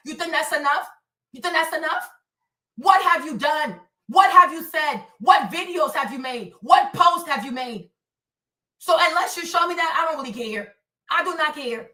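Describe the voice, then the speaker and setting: A woman with a high, ringing voice leads a heated political commentary livestream. She preaches in repeated bursts of rhetorical questions and pauses to thank donors. She sits some way back from the mic in an echoey room. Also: sharp tone, distant mic. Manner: thanks viewers for donations mid-rant. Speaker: livestream host.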